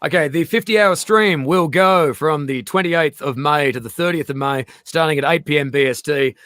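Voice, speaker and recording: A man's voice: fairly high pitch, moderate pace, fairly bright tone, no echo, studio quality. An Australian man, a guest, in casual chat, joking, swearing and telling stories.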